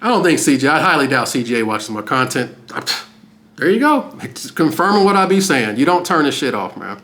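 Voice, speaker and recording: A man giving animated, preachy reaction commentary. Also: fairly high pitch, a little fast. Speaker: commentary streamer.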